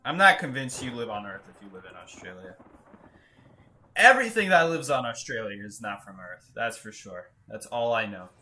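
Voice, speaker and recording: A man's voice: on the low side, big pitch swings, normal speed, sharp tone. A young man chatting casually and joking while streaming a game and reading chat aloud. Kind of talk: casual gaming stream commentary.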